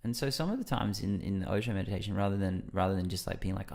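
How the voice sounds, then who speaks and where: Here a low-voiced man with some gravel in his tone guests on a podcast, chatting easily. While telling a story he acts out his own reactions, rambling loosely and filling pauses often with many fillers.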